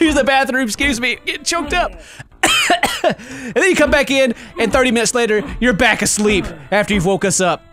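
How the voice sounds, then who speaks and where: High, bright-voiced goofy gaming commentator man. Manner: goofy, excitable, bursts into shouts. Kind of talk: casual gameplay commentary.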